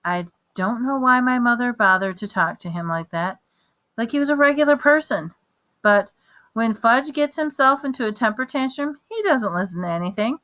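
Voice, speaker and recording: A woman reads a children's chapter book aloud. Her storytelling is plain and steady. She restarts a phrase now and then. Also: fairly high pitch, normal speed. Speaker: reader. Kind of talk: reading a children's novel aloud.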